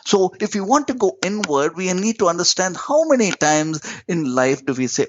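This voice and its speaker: A man teaching spirituality as a podcast guest, in lyrical, emphatic phrases with big swoops of pitch. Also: animated, moderate pace, slight background noise. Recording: dull lo-fi audio.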